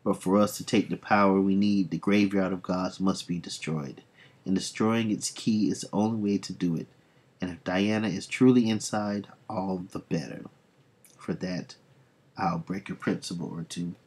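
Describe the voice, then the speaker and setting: A cold, commanding male supervillain with a husky, lowish voice, as a man reads his comic lines aloud. He sounds ruthless and scheming from a comic book scene. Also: moderate pace, darkish tone.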